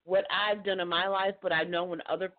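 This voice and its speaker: A woman's voice: on the low side, fairly even intonation, a little fast. A woman calling in to a radio show, a former co-host, chatty and outspoken with frequent laughs. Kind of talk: casual call-in radio chat. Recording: tinny phone line.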